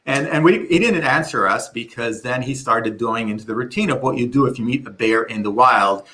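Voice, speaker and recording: A middle-aged man with a mid-range voice presents a webinar, telling a story in a brisk, animated way with many restarts.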